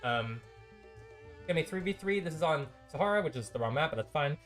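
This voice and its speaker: Soft background music plays as a man casts a strategy game tournament alone on his live stream. His fairly high, animated, slightly bright voice runs a little fast, and his loose, chatty delivery is packed with ums and uhs and the odd sarcastic, dry quip.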